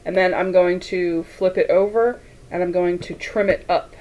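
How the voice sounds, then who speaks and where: A woman's voice: fairly low pitch, fairly even intonation, moderate pace, a little mellow, rough recording. A woman hosting a quilting livestream, chatting casually and rambling while she sews, reading viewer comments aloud and laughing often. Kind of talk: casual chat while sewing.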